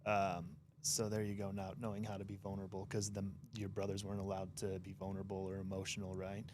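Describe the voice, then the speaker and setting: A man's voice: sits low, completely flat delivery, quick pace, background noise. A man being interviewed as a podcast guest, talking frankly and directly. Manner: frank and direct, with some swearing. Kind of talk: casual conversational interview.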